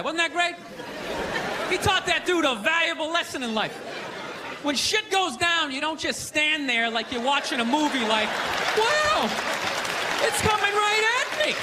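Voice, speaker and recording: A man with a strikingly high voice rants through a stand-up set and keeps breaking into shouts. He is on a theater stage, with a crowd laughing and reacting loudly around him. The recording carries a steady wash of audience noise. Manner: loud, ranting, mocking delivery with shouted bursts. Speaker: stand-up comedian. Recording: live show with crowd noise.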